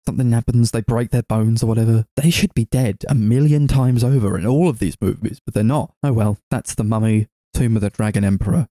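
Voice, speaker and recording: Man, mellow tone, dry close sound, ranting movie chat, swears and laughs a lot. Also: fairly quick, few pauses, no echo. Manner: ranting, swears, laughs often, voice jumps high when exasperated. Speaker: podcast co-host. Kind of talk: casual movie review chat.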